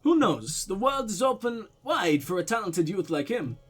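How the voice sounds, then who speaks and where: A man voicing a smooth, evasive foreign diplomat in a mock Russian-German accent, with a suave, pompous manner. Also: high voice, big pitch swings, moderate pace, soft background music, exaggerated voice. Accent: mock Russian-German blend.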